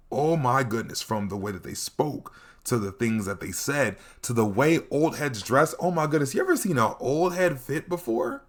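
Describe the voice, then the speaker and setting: Young man, vlogger, comedic storytime, animated, bright tone, mid pitch. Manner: animated, laughing, repeats catchphrases.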